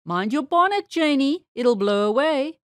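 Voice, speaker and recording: A woman voicing a calm, kindly elderly gentleman rabbit in a storybook read-aloud, in a gentle lowered voice. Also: measured pace, no echo, studio quality.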